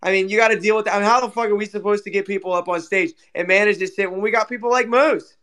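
A man's voice: high-pitched, steady tone, quick pace, bright, forceful tone. A man co-hosting an online audio chat, swearing and complaining sarcastically. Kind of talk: heated casual chat.

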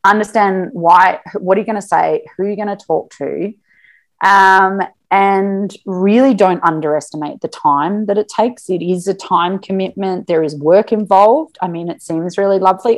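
A woman chats as a podcast guest in a relaxed interview. She talks in an animated way and leans on fillers as she goes. Her voice sits at an average pitch. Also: normal speed. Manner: chatty and animated, many fillers. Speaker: podcast guest, marketing business owner. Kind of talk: casual interview chat.

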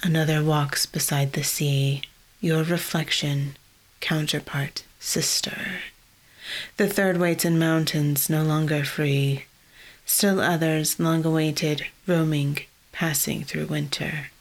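A woman voicing an old blind female druid, speaking slowly in a low, breathy, solemn hush. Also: steady tone, exaggerated voice. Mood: prophetic. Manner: slow, hushed and breathy, prophetic.

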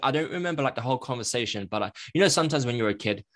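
A man's voice: medium pitch, lively intonation, racing, fairly bright tone, no room sound. A man, a podcast guest, candidly recounting a personal story in a reflective way, often correcting himself mid-sentence.

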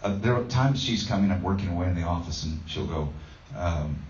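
A man's voice: deep voice, animated, fairly quick, a little mellow, a little hiss or hum. A man giving a conversational sermon as a pastor, telling a self-deprecating story with plenty of fillers. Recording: roomy, distant, dull sound.

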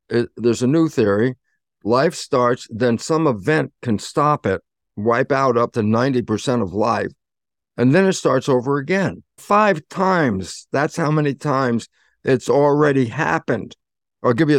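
A man, a guest in an interview, explaining in an animated way and acting out bits of dialogue. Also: medium pitch, a little slow, dry recording, clean studio sound. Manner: animated, acts out dialogue in quotes. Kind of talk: conversational explaining.

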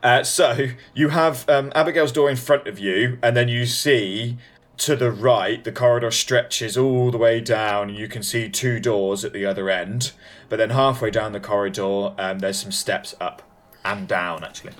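A man's voice: medium pitch, steady tone, moderate pace. A man narrating a tabletop game as game master, rambling with many fillers.

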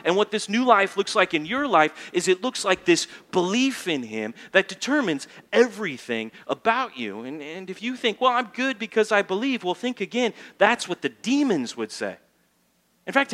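A man preaching a sermon to his congregation, animated and asking the room questions. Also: a little high, long reverb tail. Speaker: pastor. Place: church sanctuary.

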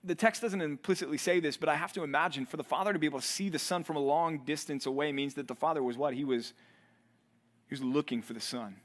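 Pastor, male, higher-pitched, animated sermon delivery with acted-out voices. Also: fast. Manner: animated, acts out quoted voices.

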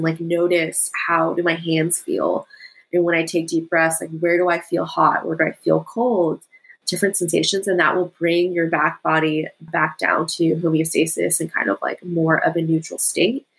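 A woman speaking as a podcast guest, explaining in a relaxed, conversational way with frequent filler words. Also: on the low side, rough recording.

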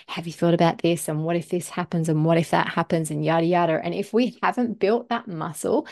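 A woman gives a motivational solo talk in an earnest, driven way, doubling up words as she pushes her point home. Her voice sits a little low for a woman. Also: darkish tone. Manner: earnest, repeats words when stressing a point. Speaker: podcast host.

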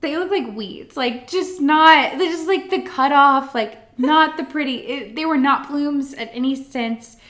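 A woman's voice: sits high, measured pace, hardly any pauses, reverberant. Chatty woman telling a story. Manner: animated storyteller, acts out quotes, many "like" fillers. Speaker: podcast co-host, event florist. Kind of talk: casual storytelling chat.

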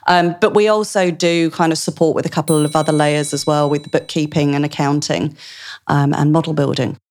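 A woman's voice: deep voice, fairly even intonation, brisk, darkish tone. A woman in her thirties from Essex with an Essex accent drifting toward Australian, chatting as a podcast guest with frequent ums and restarts. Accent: Essex English with Australian drift. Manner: chatty, many ums and self-corrections. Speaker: guest, director of a virtual CFO advisory firm. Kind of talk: casual podcast interview.

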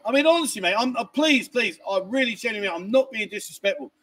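A man's voice: high voice, lively intonation, fast, fairly bright tone. A middle-aged man hosting a casual livestream, bantering and laughing as he reads viewer comments, tired from lack of sleep. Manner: cheeky, banters and laughs while reading comments. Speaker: livestream host.

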